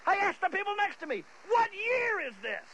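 A man's voice: extremely high pitch, big pitch swings, moderate pace, a little hiss or hum, pitched above the performer's own voice, full character voice, low-quality recording. Man doing a volatile, boastful old-school movie star. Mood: indignant. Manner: rambling, stammering restarts, builds to shouting. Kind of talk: comedy sketch impression.

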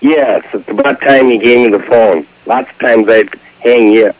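A man's voice: medium pitch, normal speed, slight background noise. A man calling in to a radio show, blunt and complimentary. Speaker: caller. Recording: dull, dry phone line on air.

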